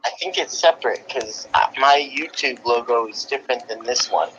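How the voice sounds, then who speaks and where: A man's voice: mid-range voice, moderate pace, fairly bright tone, highs cut off, slight background noise. A man hosting a casual livestream chat over a video call, laid-back and wry. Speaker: livestream host.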